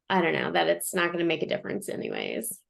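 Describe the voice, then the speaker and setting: Low, gravelly woman, hesitant. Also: a bit bright. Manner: hesitant, unsure, trailing off. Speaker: coaching client. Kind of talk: casual coaching call.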